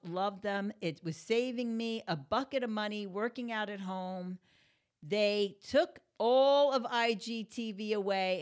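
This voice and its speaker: A woman hosting her own talk show, chatting casually and ranting bluntly, swearing freely as her exasperation builds. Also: medium pitch. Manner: conversational, chatty with fillers. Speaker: podcast host. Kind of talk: casual monologue rant.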